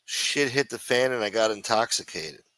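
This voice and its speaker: A man's voice: fairly low pitch, animated, moderate pace, pushed and bright, dry recording. A man hosting a casual livestream show, rambling and teasing with plenty of profanity. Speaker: show host.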